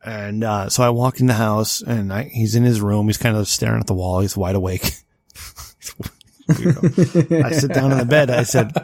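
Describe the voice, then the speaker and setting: A man's voice: lowish voice, moderate pace, no echo. A man co-hosting a podcast in casual chat, telling stories bluntly with some swearing. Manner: animated storyteller, blunt, profane. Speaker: podcast co-host.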